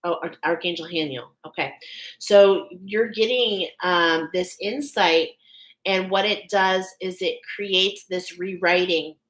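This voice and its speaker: Lady doing a live channeled reading, talks real slow, keeps stopping to say okay. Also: lowish voice, steady tone, a bit bright, low-quality recording. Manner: halting, often checks in with "okay". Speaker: intuitive reader.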